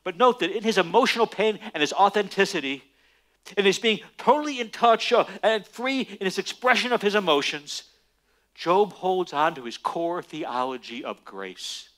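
A man, a Messianic rabbi, preaching a sermon emphatically and slowing down for stress on key lines. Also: sits high. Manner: emphatic, animated preaching with dramatic slowdowns.

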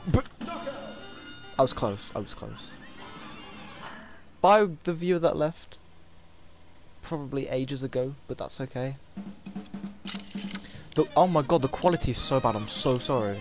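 A sixteen-year-old boy streaming a game, excitable and swearing, shouting at the game. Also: mid-range voice, measured pace, pauses often, over music. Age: teens. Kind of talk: live gameplay commentary.

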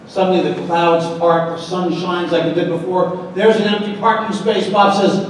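Heard from far off in an echoey banquet hall, a male emcee at a breakfast event delivers jokey patter in a high, flat voice at a moderate pace. He ribs the guests and talks directly to the audience, with a bit of hiss or hum in the recording.

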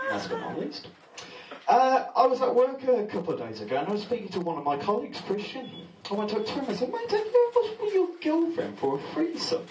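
A man doing a crude first stand-up set at a pub comedy night, telling rude stories and acting out the other voices. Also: high-pitched. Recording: echoey, noisy amateur pub recording from far off.

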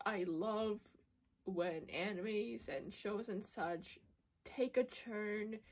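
A woman's voice: medium pitch, extremely slow. A woman hosting an anime reaction video, exclaiming and gasping at the screen and rambling casually with lots of fillers. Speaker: anime reaction channel host.

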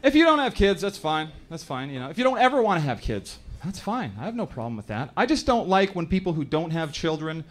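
A Canadian man in his thirties performing a stand-up comedy set on a club stage, telling family stories and briefly acting out other people in quick voices. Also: on the high side, sing-song. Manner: storytelling, acts out other characters in quick voices.

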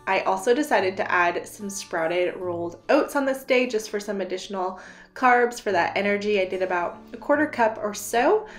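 Woman vlogger, 30s, stuffy nose, chatty and easygoing, soft music under her. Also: medium pitch, animated, normal speed. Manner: chatty, laughs often. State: congested. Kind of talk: casual vlog narration.

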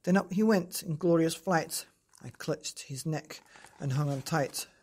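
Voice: medium pitch, measured pace, husky. Rhythmic bedtime storyteller. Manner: lively, rhythmic read-aloud. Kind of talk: storybook reading in rhyme.

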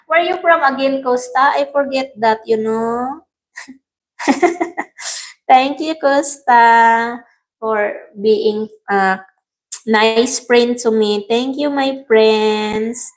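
A woman's voice: fairly high pitch, very slow, rough recording. A woman hosting a live stream, chatting casually, reading out viewer comments, thanking viewers by name and laughing often, with a strained throat.

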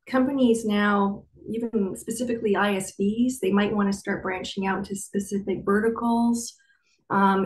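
Measured woman explaining on a panel. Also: medium pitch, poor audio. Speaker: panelist, marketing professional. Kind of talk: webinar panel discussion. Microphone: video call.

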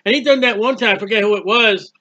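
Guy doing a bible study, high bright voice, really emphatic, acts out the quotes. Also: fast, dull audio, a little hiss or hum. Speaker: Bible teacher. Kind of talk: conversational Bible teaching.

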